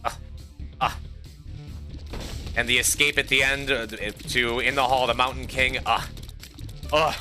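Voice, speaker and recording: A man's voice: medium pitch, fairly even intonation, unhurried, long pauses, sharp tone. A sleep-deprived man streaming and chatting casually with his viewers, rambling and repeating words. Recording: music playing behind the voice. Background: game music.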